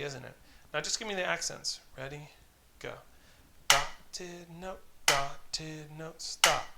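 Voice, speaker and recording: Heavy background noise surrounds this man's creaky, somewhat high voice as he teaches drum rudiments. Patient and encouraging, he counts in each exercise and calls out the stickings in tutorial fashion.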